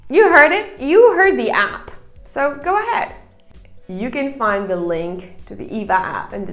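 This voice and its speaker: A woman's voice: on the high side, reverberant. A woman teaching English online, explaining grammar step by step and reading answers aloud.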